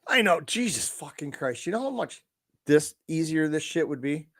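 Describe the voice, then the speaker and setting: A man's voice: fairly high pitch, sing-song, normal speed, fairly bright tone, no room sound. A man co-hosting a podcast, chatting casually with short, profane replies. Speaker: podcast co-host.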